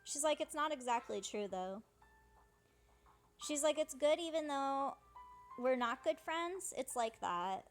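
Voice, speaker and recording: A woman's voice: high-pitched, animated, a little slow, long pauses, faint music behind. A woman casually narrating a game playthrough, paraphrasing characters' lines in a chatty way. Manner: chatty, paraphrases dialogue with "she's like". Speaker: fan dubber playing through a game.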